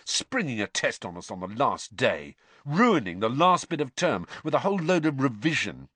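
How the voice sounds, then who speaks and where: A man's voice: medium pitch, sing-song, moderate pace, fairly bright tone, no echo. A man voicing a laid-back teenage schoolboy who grumbles and shrugs things off. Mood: grumbling. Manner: bitter, offhand.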